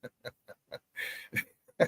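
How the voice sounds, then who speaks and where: A man hosting a sports talk show, telling a story in a casual, animated rant. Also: no room sound. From Chicago area. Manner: animated storytelling, quick voice changes for quoted people.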